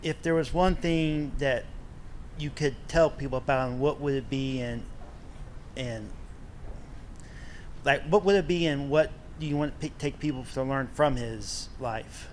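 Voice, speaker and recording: A man's voice: medium pitch, unhurried, a little mellow, slight background noise. A man interviewing a guest on a panel, asking casual questions in a rambling way with many restarts. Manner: rambling, restarts often, stammers.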